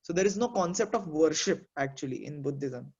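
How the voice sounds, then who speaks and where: A man's voice: fairly high pitch, animated, brisk, darkish tone, dull audio. A man in a casual group discussion, explaining his ideas thoughtfully with examples and many fillers. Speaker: discussion participant.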